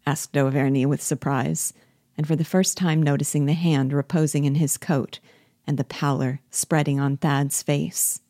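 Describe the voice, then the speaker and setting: A woman narrating a classic novel in a measured, steady reading voice. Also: low-pitched, no room sound, clean studio sound. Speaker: audiobook narrator.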